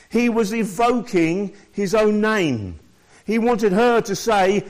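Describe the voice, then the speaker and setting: Slow, higher-voiced male preacher. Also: lively intonation. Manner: reads scripture aloud and explains it to listeners. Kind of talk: sermon.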